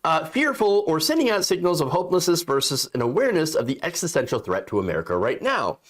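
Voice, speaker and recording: A man delivers opinion commentary on the news in a sarcastic, indignant tone. His voice sits a bit high and swings widely as he reacts to what he reads. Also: very animated, fast, few pauses. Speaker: political commentator.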